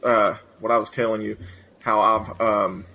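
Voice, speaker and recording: Male podcast co-host, easygoing, bright, forward tone. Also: on the low side, level tone, a little slow, a little hiss or hum, rough recording. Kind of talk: casual chat.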